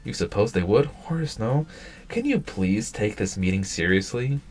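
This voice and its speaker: A firm, businesslike schoolgirl treasurer, exasperated by her clubmates, read by a man in nearly his own voice. The tone is low and husky with lively pitch. She keeps things precise and stern. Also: moderate pace, soft background music. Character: strict, serious schoolgirl treasurer.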